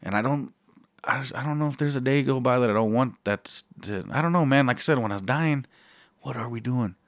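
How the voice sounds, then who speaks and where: A man's voice: medium pitch, fast, dry recording, studio quality. A stand-up comedian in his forties, a man talking loosely in a casual interview, swearing freely and laughing often.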